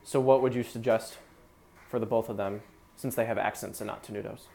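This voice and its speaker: A man's voice: on the low side, steady tone, fairly quick, creaky, a little mellow, slight background noise. A young man coaching a small brass ensemble in rehearsal, talking casually with lots of fillers and singing out syllables to demonstrate articulation. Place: rehearsal room with brass players.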